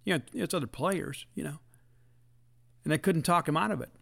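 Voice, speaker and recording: A middle-aged man talks sports in a casual, folksy way, leaning hard into his points. His voice sits a little high and has a gravelly edge. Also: moderate pace, fairly bright tone. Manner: earnest, folksy, emphatic. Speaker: podcast host.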